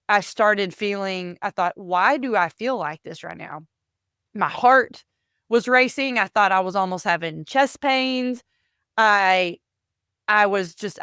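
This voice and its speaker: A woman tells a personal story on her podcast. She talks earnestly, restarts her phrases and keeps calling listeners "y'all". Her voice is smooth and clear, recorded close and dry, with a middle pitch. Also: a bit bright, dry recording. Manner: earnest, repeats words, addresses listeners as y'all. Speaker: podcast host.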